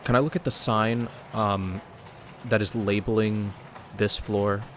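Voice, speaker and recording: A man playing a polite businessman character in a tabletop game, measured and formal, laughing often. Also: on the low side, steady tone, a little hiss or hum. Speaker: player.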